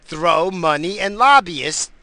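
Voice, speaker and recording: A man's voice: high voice, expressive, slow, bright, forceful tone, dry recording. A man hosting a podcast, rambling through a profane casual rant, swearing constantly and stammering on his restarts. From family from the Azores. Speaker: podcast host.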